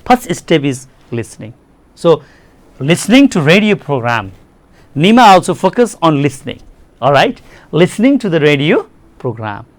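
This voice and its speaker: A man's voice: a little high, sing-song, normal speed, no room sound. A man with a Nepali accent giving a televised English lesson, repeating key words and addressing his dear students. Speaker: English teacher. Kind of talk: classroom lecture on television.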